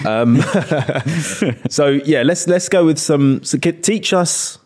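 A man's voice: a little high, slow pace, a little mellow. A man in his twenties co-hosting a podcast, joking bluntly and swearing freely in casual chat. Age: 20s. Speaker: podcast co-host.

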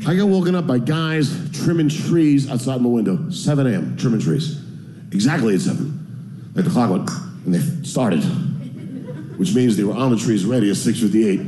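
A man doing a stand-up comedy set, ranting, with sudden loud yells, recorded live in a comedy club. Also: medium pitch, animated, a little fast, noisy background. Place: comedy club stage with audience.

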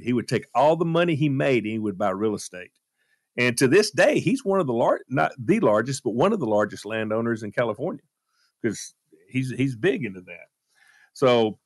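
A male radio host telling a story in a casual, animated way, with plenty of fillers. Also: mid-range voice, dry recording, clean studio sound. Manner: lively, animated retelling with fillers.

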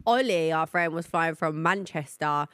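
A woman hosting a casual podcast chat, animated and acting out what people said. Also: sits low, unhurried, clean tone, dry recording, clean studio sound. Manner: animated, acts out quoted voices. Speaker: podcast host.

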